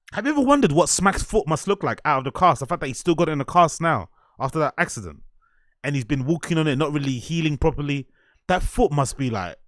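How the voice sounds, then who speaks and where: A man's voice: fairly high pitch, fairly bright tone, no echo, clean studio sound. Streamer musing aloud to his chat. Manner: rambling, repeats himself, quizzes the chat. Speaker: streamer reacting to clips. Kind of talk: casual stream commentary.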